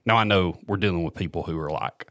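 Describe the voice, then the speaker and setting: A man hosting a casual podcast chat, chatty and quick to laugh. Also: deep voice, fairly bright tone, no echo, clean studio sound. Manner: chatty, laughs often, restarts sentences. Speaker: podcast host.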